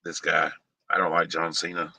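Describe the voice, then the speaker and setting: A man's voice: rumbling low, completely flat delivery, moderate pace, gravelly, bright, forceful tone, husky, no room sound, low-quality recording. A man streaming live, chatting casually in a rambling, sarcastic way.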